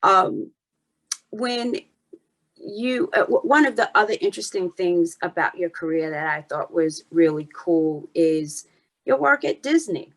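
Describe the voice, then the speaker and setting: A woman interviewing a guest, asking questions in a halting way full of restarts. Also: fairly low pitch, animated. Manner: halting, many fillers and restarts. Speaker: interviewer, host.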